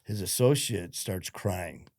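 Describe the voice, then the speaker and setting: A man's voice: sits low, expressive, takes it slowly, darkish tone, no room sound, clean studio sound. A man from Detroit, a podcast guest who tells his story bluntly, swears freely and acts out the dialogue. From Detroit, USA. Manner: blunt, profane, retells events with quoted dialogue. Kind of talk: casual interview storytelling.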